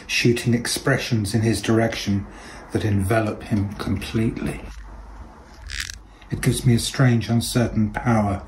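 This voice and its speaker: A man reading literary fiction aloud in a measured, deliberate way. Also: fairly low pitch, darkish tone, slight background noise, poor audio. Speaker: reader.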